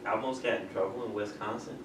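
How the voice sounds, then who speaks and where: A man's voice: on the low side, steady tone, quick pace, far from the mic. A man, a podcast co-host telling stories in casual chat, laughing and slangy. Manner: storytelling, laughs a lot, slangy. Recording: roomy, off-mic with light noise.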